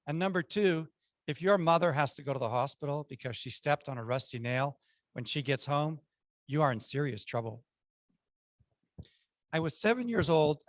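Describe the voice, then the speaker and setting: A man's voice: mid-range voice, no echo. A man giving a prepared club speech, telling childhood stories with punchy numbered lessons.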